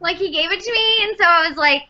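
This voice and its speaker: A woman's voice: very high voice, fast talker, sharp tone, lo-fi sound. A woman voice actress chatting as a podcast guest, rambling with lots of fillers. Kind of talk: casual podcast chat.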